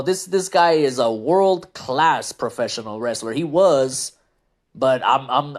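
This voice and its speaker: A man reviewing a wrestling event on his own channel, ranting in a frustrated, casual way and often repeating himself. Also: medium pitch.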